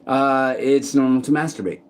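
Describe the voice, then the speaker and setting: A man's voice: mid-range voice, fairly even intonation, moderate pace. A man talking casually to the camera in a rambling, profane monologue full of restarts, recorded outdoors in a city park. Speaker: vlogger.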